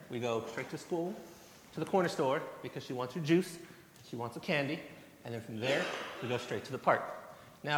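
Brief: young man, children's sermon, slightly high voice, echoey church hall. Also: a little hiss or hum. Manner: storytelling, plain and gentle to children. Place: church sanctuary.

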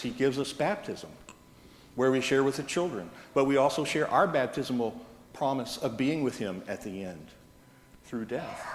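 A man preaching a sermon in a church, telling stories with gentle humor. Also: medium pitch, a little hiss or hum. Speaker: pastor. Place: church sanctuary. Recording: echoey church hall from a distance.

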